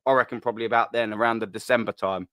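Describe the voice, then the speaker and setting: A man's voice: fairly low pitch, fairly even intonation, racing, fairly bright tone, smooth, no echo, clean studio sound. A young man hosting a live fan show, chatting casually through viewer comments, bantering, repeating himself and laughing often.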